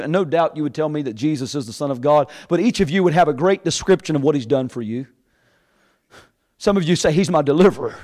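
A man preaching a sermon, swinging between shouted peaks and quiet, hushed asides. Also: high voice, poor audio. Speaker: pastor. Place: church sanctuary with congregation.

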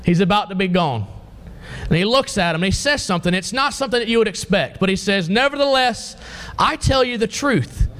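A man's voice: high voice, expressive, fast, fairly bright tone. A man preaching a sermon to a congregation, reading scripture and asking the listeners pointed questions.

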